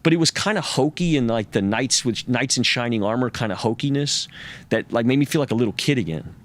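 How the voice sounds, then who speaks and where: A man's voice: medium pitch, fairly quick. A man as an interview guest, telling a personal story candidly, raw and profane and intense, and he acts out what other people said.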